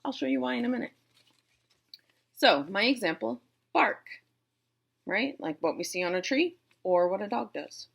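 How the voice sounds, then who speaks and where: A woman's voice: fairly high pitch, expressive, moderate pace, vocal fry, pauses often, slightly rough. A woman teacher from Boston with a Boston accent, explaining syllable types step by step and talking playfully to her viewers. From Boston, USA. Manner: playful, addresses viewers directly. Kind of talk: classroom instruction on syllable types.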